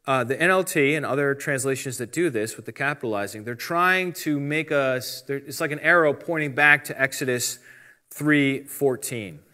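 A man's voice: mid-range voice, bright, forceful tone. A middle-aged man giving a casual Bible teaching talk, explaining step by step and reading out translations.

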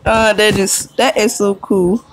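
A woman's voice: medium pitch, fairly even intonation, measured pace, low-quality recording. A young woman vlogging alone, rambling and giggly as she reads phrases aloud. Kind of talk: casual solo chat.

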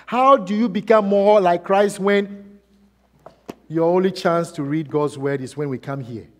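Man preaching, pitched a bit high, reverberant church hall, rhetorical questioning. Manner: preaching with rhetorical questions, swinging between loud and soft. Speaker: pastor. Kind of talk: sermon.

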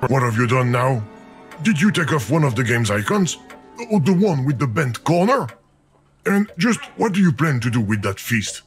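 A man's voice: mid-range voice, big pitch swings, moderate pace. A man voicing an exasperated male game narrator who scolds the player. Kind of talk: game voice acting. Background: game music.

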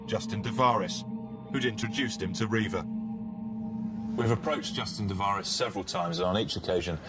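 Male narrator, scripted documentary read, sober and measured, lowish voice, loud music bed.

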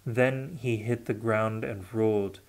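A man reading a fantasy novel aloud unrehearsed, steady with occasional self-corrections. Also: on the low side, takes it slowly. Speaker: audiobook reader. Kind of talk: unrehearsed audiobook narration.

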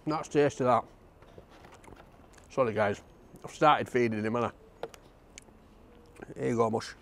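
Outdoors with a takeaway, a man casually reviews the food to camera, chatting away and raving about each bite. He talks at a measured pace in a mid-range, slightly bright voice, over a little hiss or hum.

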